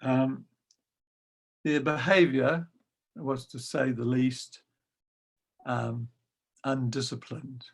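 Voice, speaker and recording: An older man recalls his past in an unhurried, gently amused way, filling pauses with soft ums. His voice carries a gravelly edge at a middling pitch. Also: little pitch movement. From New Zealand. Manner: gentle, wry storytelling with frequent ums. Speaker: guest storyteller. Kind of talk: reminiscing anecdote.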